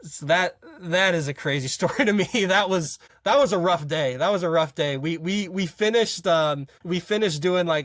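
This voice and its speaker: A young college football player telling a story in a casual interview, rambling with frequent fillers and restarts. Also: male voice, on the high side, a bit bright, no room sound, clean studio sound. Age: young adult.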